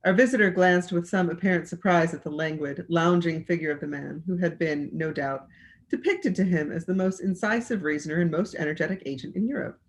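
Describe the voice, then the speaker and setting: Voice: mid-range voice, a little fast. A reader of a classic detective story, going through it aloud with frequent slips and restarts. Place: library livestream.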